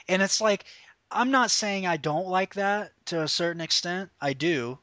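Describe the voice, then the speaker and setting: A man hosting a podcast, ranting in a profane, animated, opinionated way. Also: high voice, normal speed, no room sound. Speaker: podcast host. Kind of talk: casual podcast rant about wrestling.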